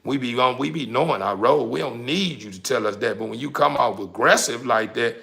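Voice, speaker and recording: A gravelly-voiced young man sermonizes in a casual monologue. His pitch sits in the middle of the range, and he gets heated and profane. He often stumbles through repeated words. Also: brisk, sharp tone. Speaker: vlogger.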